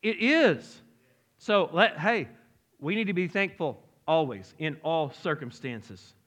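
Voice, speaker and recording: A middle-aged man preaching a sermon in a church, lively and conversational, joking and asking the congregation direct questions. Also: on the high side, takes it slowly, highs cut off. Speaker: pastor. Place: church sanctuary.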